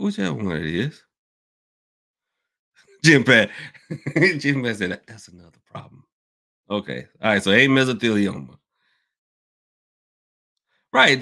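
A man hosting a casual podcast Q&A, rambling and animated, swinging between loud outbursts and low mutters. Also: gravelly. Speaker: podcast host. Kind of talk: casual live Q&A chat.

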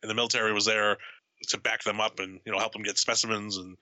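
A man's voice: lowish voice, little pitch movement, quick pace, bright, forceful tone, no room sound, low-quality recording. A man in a casual film discussion who rambles, swears a lot and acts out lines from the movie.

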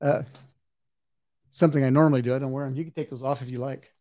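A man in his forties working as a stage hypnotist, giving repetitive suggestions that swing between loud and hushed. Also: mid-range voice, steady tone, quick pace. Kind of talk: live hypnosis demonstration.

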